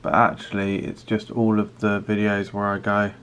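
A man's voice: on the low side, completely flat delivery, moderate pace, a bit bright, smooth. A young British man chatting casually to camera in a vlog, with sweary, sarcastic asides. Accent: British English. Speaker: vlogger.

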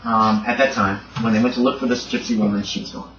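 A man's voice: mid-range voice, steady tone, fast, fairly bright tone. A man running a tabletop horror game as game master, explaining the story in a rambling, self-correcting way. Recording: distant, roomy, dull and noisy. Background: dog barking nearby.

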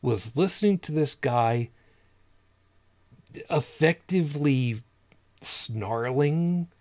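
A man's voice: mid-range voice, animated, slow pace, darkish tone. A man co-hosting a podcast in casual chat, rambling and repeating words as he hunts for what to say. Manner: rambling, repeats words while searching for them. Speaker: podcast co-host.

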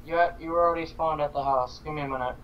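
A jumpy man co-playing a game and chatting casually, quick to yelp when startled. His voice sits a bit high for a man. A faint hiss runs under the home recording. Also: fairly even intonation, highs cut off. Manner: jumpy, yelps in panic. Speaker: co-player. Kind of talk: casual gaming chat.

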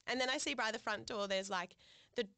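A woman's voice: fairly high pitch, a little fast, no echo. A young adult woman, co-hosting a podcast and telling a story in casual chat. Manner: animated storytelling, swearing, frequent "like". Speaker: podcast co-host.

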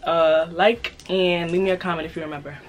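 A young woman with a New York accent and a slightly raspy voice, hosting a casual haul video and hyping her purchases to viewers in a playful way. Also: lowish voice, fairly even intonation, brisk. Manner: playful, hyped, repeats phrases, talks straight to viewers. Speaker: fashion vlogger.

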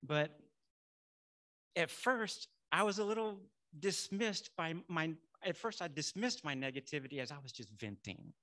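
A middle-aged male minister preaching a sermon in a conversational way, saying y'all and building to loud affirmations. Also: fairly high pitch, expressive, unhurried.

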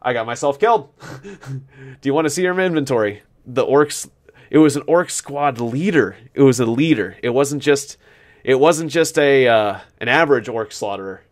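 A man's voice: medium pitch, animated, normal speed. A man hosting a gaming video, rambling through casual commentary as he plays, joking at his own expense and often restarting his sentences. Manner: rambling, self-mocking, laughs at his own jokes; thinks aloud with many restarts. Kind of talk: casual let's-play commentary.

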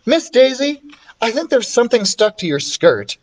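A man's voice: extremely high pitch, sing-song, normal speed, recorded from a distance, voice pushed up, full character voice. A man voicing Andrea, a prim know-it-all schoolgirl, in a read-aloud storybook. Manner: prim, proud.

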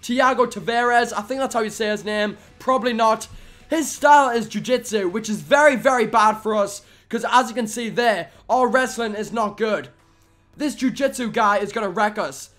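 A young man giving excitable let's-play commentary while fighting in a game, muttering under his breath one moment and yelling at the screen the next. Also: high voice, moderate pace, faint music behind. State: voice going hoarse from shouting. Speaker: gaming commentator.

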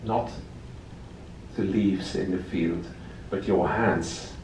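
A man reading his poetry aloud in a slow, measured recitation at a library event. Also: low-pitched, steady tone, a little hiss or hum. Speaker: poet. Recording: echoey room, distant mic.

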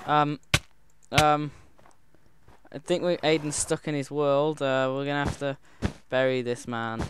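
A man's voice: on the high side, flat delivery, measured pace, long pauses, noisy background. A man with a northern English accent chatting playfully through a Minecraft let's-play, laughing easily and slipping into mock-dramatic narration. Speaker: gamer co-host.

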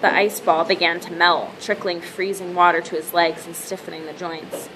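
Woman reading an audiobook, steady, lowish pitch, faint hiss behind. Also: normal speed, rough recording. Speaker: audiobook narrator. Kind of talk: scripted narration.

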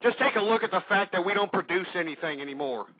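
Man, talk radio host, impassioned crude ranting, high husky dry voice. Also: animated, fast, no echo. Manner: fervent, shouting, repetitive, crude. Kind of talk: impassioned political radio rant. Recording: dull lo-fi internet radio recording.

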